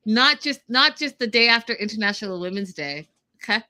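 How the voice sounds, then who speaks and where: A woman's voice: medium pitch, expressive, fairly quick, bright, forceful tone, no room sound. A woman co-hosting an online recap show, talking casually and with strong opinions about a reality TV episode. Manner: opinionated, acts out quotes from the episode. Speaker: podcast co-host.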